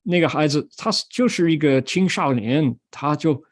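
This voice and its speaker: A man's voice: on the high side, expressive, normal speed. An older man giving a Buddhist Dharma talk, telling a story and acting out the people in it. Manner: switches between Mandarin and English, acts out quoted voices.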